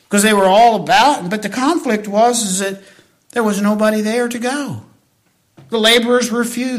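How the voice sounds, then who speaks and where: A man preaching a sermon as a pastor. He tells folksy stories, asks the congregation to agree with him, and builds to emphatic preaching. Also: sits high.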